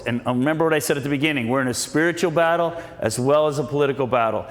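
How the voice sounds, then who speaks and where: A man's voice: medium pitch, quick pace, few pauses. Man telling stories in a reverberant hall. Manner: folksy, preacherly, with many repeated starts. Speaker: speaker at political meeting. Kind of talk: storytelling speech to a live audience. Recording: echoey hall with long reverb.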